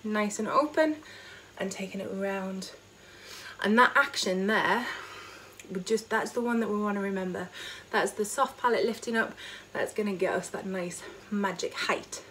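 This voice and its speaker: A woman choir leader, teaching an online vocal warm-up from home and demonstrating high sung notes. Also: moderate pace, a little hiss or hum. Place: home during lockdown.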